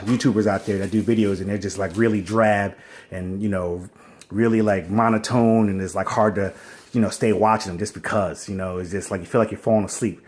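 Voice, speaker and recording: Man, low voice, laid-back, rambling, slangy, casual unboxing chat, home kitchen, phone on a stand. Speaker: unboxing vlogger. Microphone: phone on a wobbly stand.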